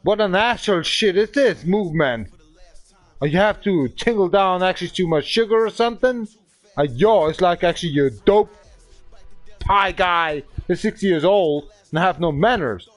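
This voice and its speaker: During a gaming livestream, a Bavarian man with a German accent unleashes a profane, insulting rant at another player. His voice is high and expressive at a normal speed, recorded dry with faint music in the background.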